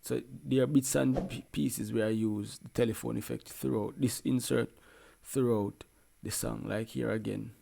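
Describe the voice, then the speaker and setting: A man's voice: medium pitch, fairly even intonation, moderate pace, gravelly, background noise. A man with a Jamaican accent, a music producer talking casually through a tutorial in a laid-back way. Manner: laid-back, peppered with "you know what I mean".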